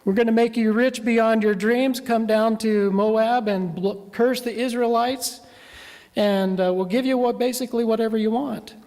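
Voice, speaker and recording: A demanding, impatient ancient king, as a man puts him on while preaching, sounding brisk and pushy. The voice sits fairly high. Long church reverb trails behind every line. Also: fairly even intonation, a little mellow. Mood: coaxing.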